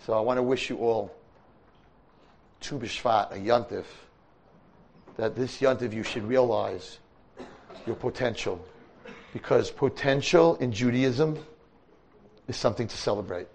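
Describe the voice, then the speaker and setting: A man's voice: mid-range voice, a little slow, pauses often, a little hiss or hum, poor audio. A man, a rabbi, giving a sermon to yeshiva boys, acting out the voices of people in his stories. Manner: animated, acts out voices.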